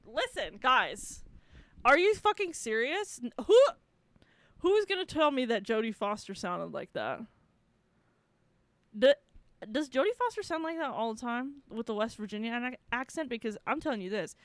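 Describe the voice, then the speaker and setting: A woman's voice: medium pitch, dry recording. A woman hosting a casual solo podcast, gushing, swearing freely and laughing often. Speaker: podcast host.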